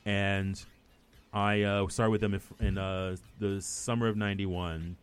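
A middle-aged actor from the West Indies chats as a guest in a low, level, unhurried voice, his accent West Indian. He tells rambling stories full of restarts, with a little hiss or hum in the recording.

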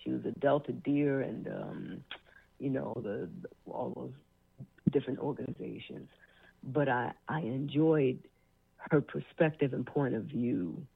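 A man's voice: mid-range voice, a little slow, creaky, slightly rough, no room sound. A man hosting a casual interview, speaking unhurriedly and adding affirming interjections. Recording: tinny phone-like line, dry.

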